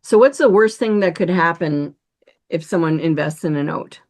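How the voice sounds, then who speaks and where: A woman's voice: fairly low pitch, normal speed, a little mellow. A woman hosting an interview podcast who asks questions and sums up points, often ending with "right?". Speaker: podcast host.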